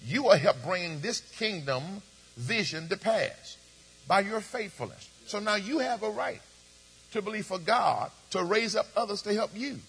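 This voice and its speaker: A man's voice: high-pitched, animated, normal speed, creaky, a bit bright, slight background noise. A man preaching a sermon, reading scripture aloud and calling for responses from the congregation. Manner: preaching with call-and-response, repeats phrases, reads scripture aloud. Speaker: pastor. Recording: long hall reverb.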